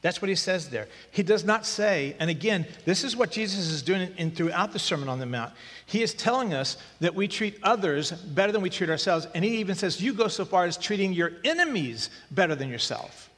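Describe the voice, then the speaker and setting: A man's voice: high-pitched, lively intonation, fairly quick, a bit bright. A man preaching a sermon as pastor, conversational and then emphatic with repeated short lines. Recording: long reverb of a hall.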